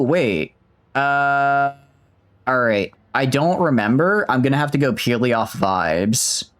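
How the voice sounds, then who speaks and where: Rambling young male game streamer. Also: mid-range voice. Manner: rambling, self-mocking, chatting with viewers. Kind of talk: casual gaming stream chat.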